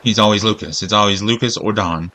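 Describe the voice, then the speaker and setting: Male game streamer, rambling, sarcastic, swears a lot, bright voice. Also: fairly low pitch, fairly quick, rough recording. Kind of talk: casual gameplay commentary.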